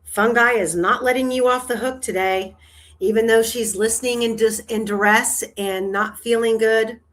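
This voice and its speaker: A woman's voice: on the high side, fairly even intonation, moderate pace. A woman hosting a casual livestream chat, rambling through her thoughts with frequent restarts and laughter. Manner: rambling, trailing, laughs often. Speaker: livestream host.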